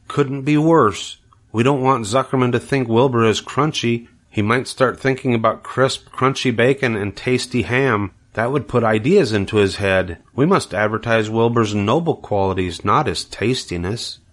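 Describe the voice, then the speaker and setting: An older man voicing a patient, kindly female spider who gives brisk, coaxing instructions in a storybook reading. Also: medium pitch, natural voice. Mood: patient, firm.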